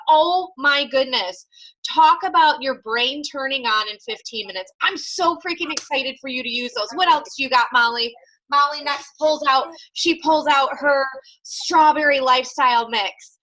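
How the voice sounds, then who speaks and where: An enthusiastic woman giving a sales training talk, animated and acting out little quoted scenes. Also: high-pitched, moderate pace, low-quality recording. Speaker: business trainer.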